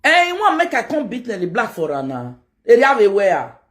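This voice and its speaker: A Nigerian woman with a Nigerian accent, ranting to her viewers in a rambling, animated way and mixing pidgin with local-language phrases. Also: fairly high pitch, fairly quick. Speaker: online video host. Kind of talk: casual rant to camera.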